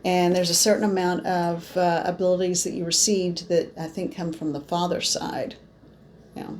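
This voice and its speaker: A woman's voice: fairly low pitch, little pitch movement, moderate pace, a little mellow, a little hiss or hum. Woman giving a spoken card reading. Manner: musing, talks through her cards aloud. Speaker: psychic card reader. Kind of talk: spoken tarot reading to viewers.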